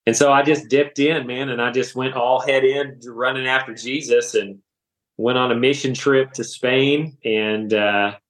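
A man in his thirties, a podcast guest, giving a personal faith testimony in animated, emotional storytelling full of casual slang. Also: mid-range voice, a little slow. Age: 30s. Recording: roomy echo.

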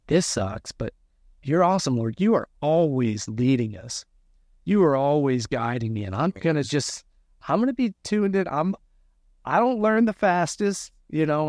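A man telling his own story in an interview, animated and acting out the dialogue he quotes. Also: on the high side, no room sound, clean studio sound. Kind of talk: conversational storytelling.

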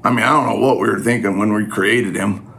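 A man's voice: fairly low pitch, steady tone, fairly quick, creaky, fairly bright tone, pitched below the performer's own voice. A man voicing God as a laid-back, slangy, sympathetic friend in a sermon. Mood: casual.

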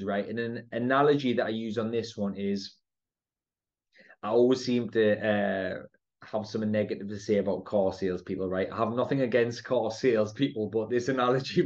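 A man's voice: on the low side, steady tone, normal speed, a little mellow, highs cut off. A man with a Geordie accent giving a confident, emphatic podcast talk on sales, often checking in with "right?" and "okay?". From North East England. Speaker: podcast host and sales trainer.

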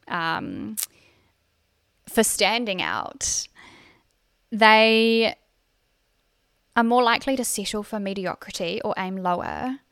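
A woman's voice: medium pitch, a bit bright, no room sound, studio quality. A woman with a New Zealand accent hosting a solo podcast, chatty and self-deprecating, with fillers and restarts. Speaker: podcast host.

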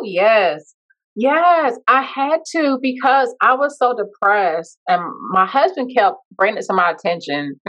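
A woman's voice: mid-range voice, a bit bright. A woman podcast guest telling her personal story in a heartfelt, reflective way. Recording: dull lo-fi sound.

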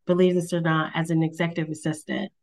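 Woman, podcast host, casual storytelling, lower pitch, easygoing and chatty. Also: quick pace. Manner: relaxed, chatty, light laughs.

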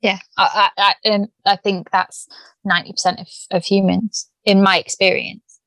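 A woman's voice: mid-range voice, flat delivery, moderate pace, a bit bright, no echo. A British woman hosting a podcast interview, chatty, blunt and teasing with her guest. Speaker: podcast host.

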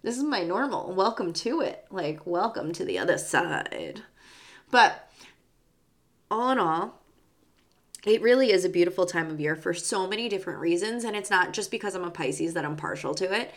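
A woman's voice: fairly low pitch, very animated, moderate pace. A young adult woman hosting a spiritual podcast as a psychic medium, talking in a chatty, bubbly way with lots of fillers. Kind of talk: casual chat.

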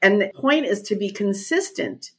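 A woman's voice: medium pitch, animated, normal speed, breathy edge. A woman guest who leads retreats, talking thoughtfully in a podcast conversation and repeating her key phrases.

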